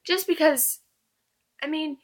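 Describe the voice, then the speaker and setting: A woman's voice: high-pitched, slow pace. A young woman reviewing a book in casual chat, gushing and rambling as she fangirls.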